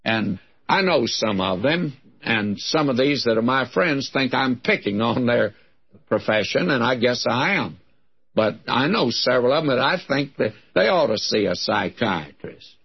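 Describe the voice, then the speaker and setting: A man's voice: medium pitch, lively intonation, measured pace, breathy edge. A man giving a verse-by-verse Bible teaching in a folksy, wry, conversational manner. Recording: dull lo-fi recording.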